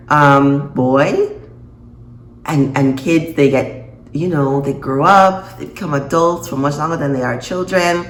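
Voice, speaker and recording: A woman reviewing a TV episode in a casual vlog, expressive and quick to laugh and gasp. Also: low-pitched. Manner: expressive, reacts with laughs and gasps. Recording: echoey room, faint noise.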